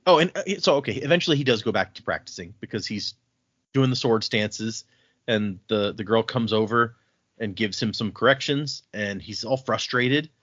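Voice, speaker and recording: A man's voice: lowish voice, lively intonation, moderate pace, a bit bright, dry recording. A man hosting a casual book podcast, recapping chapters in a chatty way with many fillers. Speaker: podcast host. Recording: dull dry audio.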